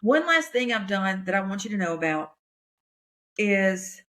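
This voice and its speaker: A woman comedian, talking in a chatty, folksy, animated way on her podcast. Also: mid-range voice, a little slow. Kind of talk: casual chat.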